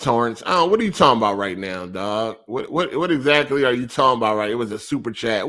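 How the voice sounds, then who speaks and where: A man's voice: fairly low pitch, sing-song, moderate pace, a bit bright. A man hosting a livestreamed gaming podcast, ranting with heavy profanity and reading viewer super chats aloud. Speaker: podcast host.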